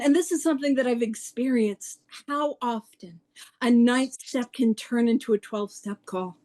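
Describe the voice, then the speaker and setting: High-voiced woman, laughing often. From Canada. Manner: laughs often, animated and self-mocking. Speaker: speaker at a twelve-step study meeting. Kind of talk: casual talk on recovery.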